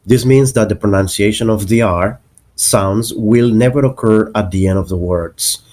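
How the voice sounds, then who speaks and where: A man narrating a lesson on English accents, explaining slowly and deliberately and spelling out example words. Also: lowish voice, a little mellow.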